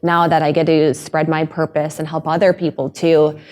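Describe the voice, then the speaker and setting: Woman, podcast host, low-pitched, earnest, emotional, hesitant restarts. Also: flat delivery, normal speed, a little mellow. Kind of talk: candid podcast conversation.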